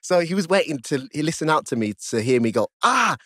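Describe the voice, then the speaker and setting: A man guest on a podcast, telling a story in casual chat, laughing often and jumping high in pitch as he acts out his own panic. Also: lively intonation, fast, no room sound, studio quality. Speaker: podcast guest, stripper and fighter.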